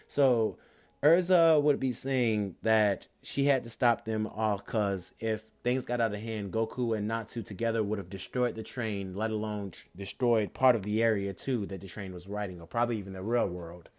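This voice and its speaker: A man's voice: fairly low pitch, a little mellow. A young man improvising a fan-fiction story in a rambling, casual way, full of fillers and self-corrections.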